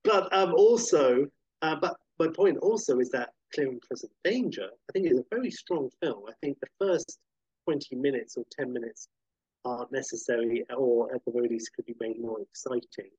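Male podcast co-host, enthusiastic film chat, husky voice, dull lo-fi recording. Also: mid-range voice, moderate pace, dry recording. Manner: enthusiastic, animated when retelling scenes.

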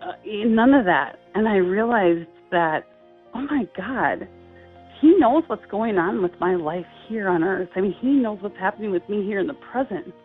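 A woman's voice: moderate pace, few pauses, soft background music. Earnest woman telling a story over a tinny line. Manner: earnest, lively quoting of dialogue with high acted voices. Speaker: guest sharing a story. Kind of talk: emotional personal storytelling.

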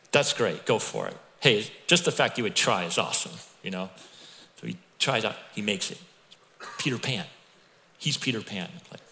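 A middle-aged man preaching a sermon as pastor, telling stories in a conversational, animated way with asides to the congregation. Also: fairly low pitch. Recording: long hall reverb.

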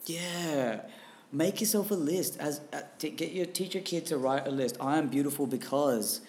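A man, co-hosting a casual podcast chat, animated and emphatic and quick to laugh. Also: a little high, a little hiss or hum. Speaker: podcast co-host.

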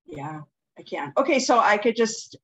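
A woman's voice: fairly high pitch, very animated, moderate pace, fairly bright tone, breathy edge, poor audio. A woman being coached on a video call, who answers hesitantly and fills her speech with "um" and "okay". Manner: hesitant, with many fillers and agreeing words. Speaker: coaching client. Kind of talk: casual chat.

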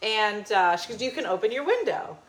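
A woman's voice: mid-range voice, fairly quick, a little hiss or hum. A woman from New Jersey, a little tipsy, telling a story in casual chat and acting out the voices of the people in it. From New Jersey, USA. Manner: animated, laughing storyteller acting out quoted voices.

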